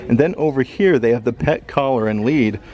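A man's voice: medium pitch, brisk, highs cut off, soft background music. Chatty man touring a store. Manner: chatty, upbeat, reads out prices. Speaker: vlogger. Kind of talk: casual shopping walkthrough. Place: indoor retail store.

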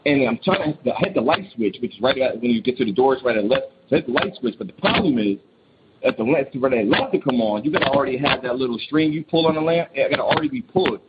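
A man calling in to tell a true ghost story in casual, rambling speech, full of restarts and repeats, getting animated when he quotes others. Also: mid-range voice, fast talker, dull audio, very noisy. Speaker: caller. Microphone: phone call.

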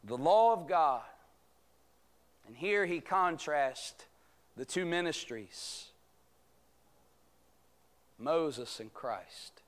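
A man's voice: fairly high pitch, lively intonation, extremely slow, long pauses. A man teaching a church Bible study, preaching emphatically and drawing out amens from the congregation. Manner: emphatic, rhetorical preaching with calls of amen. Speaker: pastor. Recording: church sanctuary recording.

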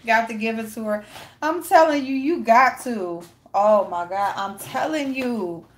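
A woman's voice: a little high, takes it slowly. A woman hosting a casual live stream, reading chat and greeting viewers by name, blunt and profane with frequent laughter.

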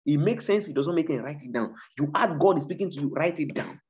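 A man's voice: a little high, lively intonation, quick pace, a little mellow. A man with a Nigerian accent, an author speaking about his book in an emphatic, preaching style, repeating his points to urge listeners on. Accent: Nigerian English. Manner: emphatic and repetitive, exhorting listeners. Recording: dull lo-fi recording.

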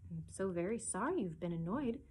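A woman's voice: medium pitch, animated, fairly quick, a little mellow, husky. A children's librarian voicing a polite, bewildered little girl who answers earnestly and indignantly.

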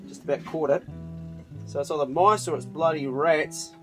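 A middle-aged man with a slightly high voice chats bluntly as he walks around his farm, showing the camera things. He sounds relaxed and easygoing and swears offhandedly. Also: normal speed, faint music behind. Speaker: farm owner and channel host. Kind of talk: casual outdoor vlog chat. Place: outdoors on a rural farm property.

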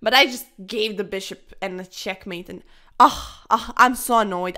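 A woman's voice: mid-range voice, moderate pace, sharp tone. A young woman commentating her own online chess games in a playful, dramatic way, full of quirky slang and mock-formal asides. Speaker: chess streamer.

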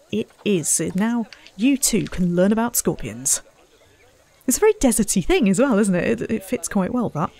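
Woman, let's-play host, chatty and wry, middle pitch. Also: creaky, dark tone. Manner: chatty, self-mocking, talks to the animals and visitors. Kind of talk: casual gameplay commentary.

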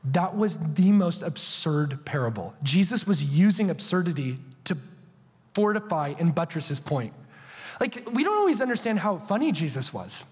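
A man preaching a sermon as a TV show host, telling the story in an animated, playful way with asides. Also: fairly high pitch, moderate pace, in a large hall.

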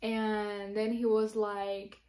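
A woman's voice: medium pitch, little pitch movement, drawn-out words, warm tone, a little hiss or hum. A young woman telling a personal story to camera in a chatty, giggly way, full of fillers. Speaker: vlogger.

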